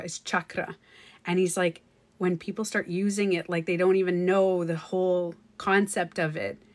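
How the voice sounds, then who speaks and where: A woman hosting a casual livestream, talking in a chatty, animated way, often laughing and acting out what others said. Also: on the low side. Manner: chatty and animated, breaking into laughter and acted-out quotes. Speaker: livestream host.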